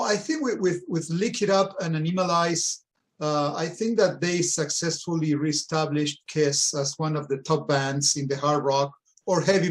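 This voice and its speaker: Higher-voiced man hosting a podcast panel. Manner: measured, filler-heavy questions. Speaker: podcast host.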